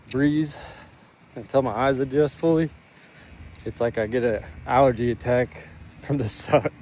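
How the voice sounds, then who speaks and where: A man speaks openly and with deep feeling in a personal vlog recorded outside. His talk is loose and heartfelt, full of fillers and casual swearing. A faint noise sits behind his voice. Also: a little mellow. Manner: candid, heartfelt, swears freely, many fillers. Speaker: vlogger sharing his recovery. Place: outdoors in sun and breeze.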